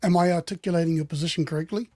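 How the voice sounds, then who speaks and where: A man with a New Zealand accent puts his argument in a live online debate. His voice sits high and sounds dry and close. He talks hesitantly, restarts his words and apologizes often. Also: fairly even intonation, racing, mellow, no echo. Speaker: debate guest.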